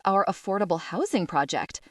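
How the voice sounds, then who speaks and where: A woman doing a deadpan polite man. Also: medium pitch, fairly quick, no room sound, studio quality, recorded from a distance. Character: calm, dry-witted male architect.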